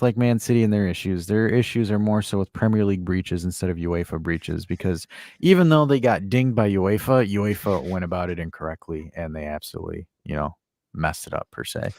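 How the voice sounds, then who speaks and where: A man's voice: on the low side, a little fast, vocal fry, darkish tone, no room sound. A man co-hosting a casual football podcast, explaining at length with lots of fillers and restarts. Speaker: podcast co-host.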